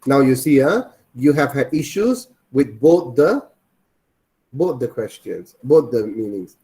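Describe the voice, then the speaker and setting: A man's voice: mid-range voice, very animated, measured pace, mellow. A man teaching an online class over a video call, repeating his points and quizzing the students.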